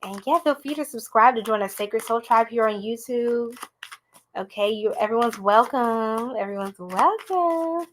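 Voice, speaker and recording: A woman's voice: fairly high pitch, moderate pace, slight background noise. A young American woman giving a live-streamed tarot reading, talking chattily and straight to her viewers. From United States. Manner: chatty, animated, talks straight to viewers as y'all. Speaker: tarot reader.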